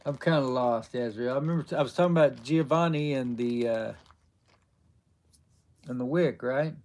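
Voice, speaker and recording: A man of middle pitch chats casually on a live stream, answering viewers as he goes. He rambles and halts often, filling gaps with ums and you-knows. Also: moderate pace, a little mellow. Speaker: livestream host.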